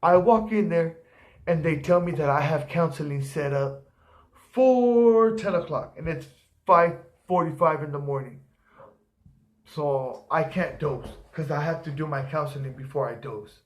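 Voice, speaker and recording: A man's voice: on the high side, unhurried. A man telling rambling, profane stories in casual chat, acting out other people's voices as he goes. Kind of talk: casual storytelling. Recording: echoey room.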